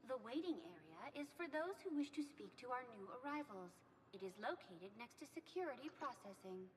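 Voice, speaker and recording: A woman voicing a calm, formal station information guide in a game, in a polite announcement manner. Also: fairly high pitch, a little fast, big-room sound, a little hiss or hum. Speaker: Citadel docking bay guide.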